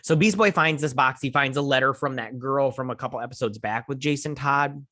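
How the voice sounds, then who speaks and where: A man's voice: mid-range voice, fairly quick, sharp tone, no room sound, studio quality. A man hosting his own channel, giving a casual, rambling recap and review of a TV episode. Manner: rambling, chatty, lots of "he's all like" retelling. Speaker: TV show reviewer and channel host.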